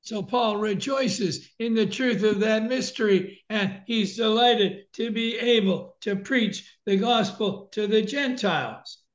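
Male preacher, high voice, measured delivery with pauses, muffled lo-fi audio. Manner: measured, pausing for the interpreter. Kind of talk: sermon with line-by-line interpretation. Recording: dull lo-fi recording.

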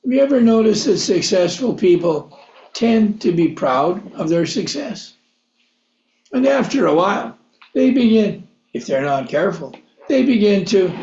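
A man's voice: high voice, lively intonation, measured pace, a little mellow, roomy sound, dull audio. A man preaching a Bible-teaching sermon, reading verses in old scriptural wording, explaining them conversationally and asking his listeners rhetorical questions.

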